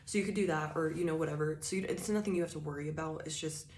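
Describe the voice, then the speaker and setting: A woman's voice: deep voice, rapid-fire, a little mellow, echoey room, slight background noise. A woman giving a casual spiritual tarot reading, rambling and chatty, with lots of filler words. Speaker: tarot reader.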